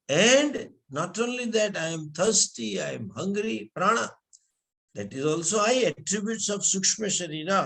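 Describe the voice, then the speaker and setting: A man's voice: fairly high pitch, a bit bright. A man teaching a scripture class, asking rhetorical questions and reciting Sanskrit verses. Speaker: spiritual teacher.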